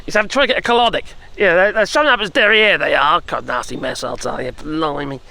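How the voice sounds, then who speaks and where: A man's voice: a little high, quick pace, gravelly, bright, forceful tone. A man giving a rambling, sarcastic opinion vlog, full of chuckles and tag questions. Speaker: political commentator.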